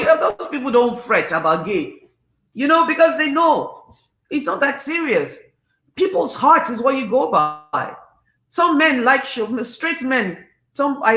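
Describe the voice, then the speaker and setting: A woman's voice: fairly high pitch, a bit bright, reverberant. A Nigerian-accented woman in her fifties, hosting a casual livestream and talking in a passionate, emphatic, preachy way. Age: 50s. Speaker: livestream host.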